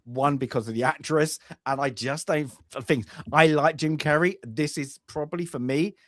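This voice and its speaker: Halting, exasperated man, dry close sound. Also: on the high side, dry recording. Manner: halting, restarts and repeats words while ranting; exasperated, animated dislike. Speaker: film review podcast co-host. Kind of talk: casual chat.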